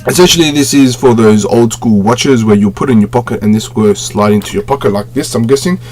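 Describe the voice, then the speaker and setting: A man's voice: mid-range voice, brisk, a little mellow, slight background noise. A man casually reviewing a collectible on a webcam at home, rambling, with many fillers and self-corrections. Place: home room with display shelves.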